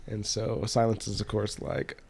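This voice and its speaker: A man's voice: lowish voice, level tone, measured pace, gravelly, darkish tone, breathy edge. A man co-hosting a podcast who loosely retells a book's plot in casual chat, with many fillers. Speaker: podcast co-host. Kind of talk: casual book discussion.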